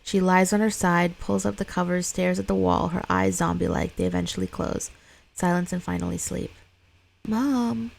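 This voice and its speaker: Gravelly woman reading a screenplay aloud. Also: on the low side, brisk. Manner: blunt, sweary side comments. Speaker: script reader.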